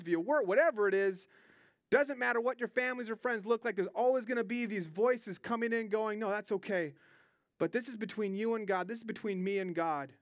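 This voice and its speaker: A young man with a high voice preaches earnestly, speaking conversationally and doubling back on words as he presses a point. The sound is dry and close, with no room around it. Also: no echo. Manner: earnest, repeats words when stressing a point. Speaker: pastor. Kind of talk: sermon.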